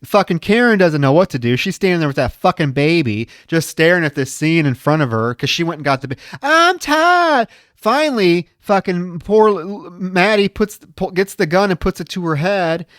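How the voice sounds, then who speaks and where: A man with a slightly high voice co-hosts a podcast, retelling a film scene by scene and swearing freely. His voice is recorded dry and close, with no room sound. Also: brisk, hardly any pauses, no echo. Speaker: podcast co-host. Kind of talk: casual film discussion.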